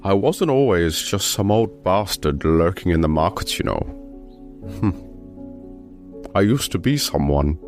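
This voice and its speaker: A man's voice: low voice, animated, unhurried, long pauses, darkish tone, soft background music, pitched below the performer's own voice. A man voicing a bitter old exiled trainer of knights, speaking in a solemn, brooding way. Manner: gravely solemn, brooding storytelling.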